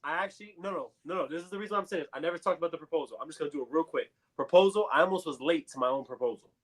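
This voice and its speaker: A young man telling a story in casual podcast chat, animated and acting out what others said. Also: on the high side, very fast. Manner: animated storyteller, acts out quotes. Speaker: podcast co-host.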